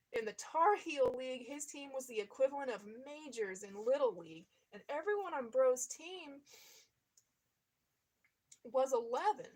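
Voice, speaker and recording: A woman with a somewhat high voice reads a memoir aloud at an even, steady pace. She now and then breaks off to react to the text in a casual, chatty way before going back to reading. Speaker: reader.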